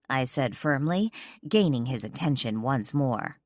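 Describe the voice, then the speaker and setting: A woman narrating a first-person romance audiobook, expressive and sharp-tongued in dialogue. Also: very deep voice, a little slow, no room sound, studio quality.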